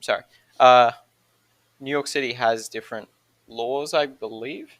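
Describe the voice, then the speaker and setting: Australian podcast guest, a man of middle pitch who rambles, breaks off mid-sentence and keeps laughing through his own points. Dry, close recording. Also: a little slow, fairly bright tone, no room sound. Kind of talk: casual chat.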